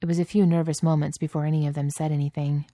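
A woman reading a story aloud in calm, even narration. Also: low voice, fast talker, dry recording, studio quality. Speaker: audiobook reader.

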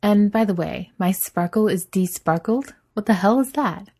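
A woman's voice: mid-range voice, moderate pace, husky, voice pushed up. A woman voicing a teasing young wizard man. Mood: amused. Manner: teasing, animated. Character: playful, dramatic young male wizard.

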